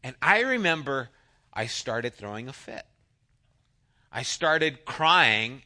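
A male pastor delivers a sermon at an unhurried pace, with a bright, sharp voice that sits a bit high. He moves between loud, emphatic storytelling and quiet, hushed reflection. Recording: church sermon audio.

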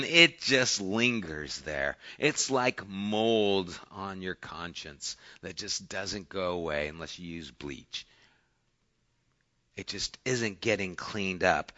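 A man preaching a sermon in a bright, forward voice, moving between quiet asides and emphatic points. He reads scripture aloud and then unpacks it in plain conversational talk. The recording sounds a little dull and lo-fi. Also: medium pitch. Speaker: pastor.

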